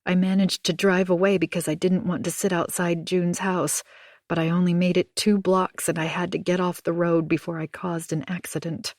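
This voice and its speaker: A woman narrating an audiobook in a measured, hushed first-person telling. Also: lowish voice, flat delivery, no echo, clean studio sound. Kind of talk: scripted narration.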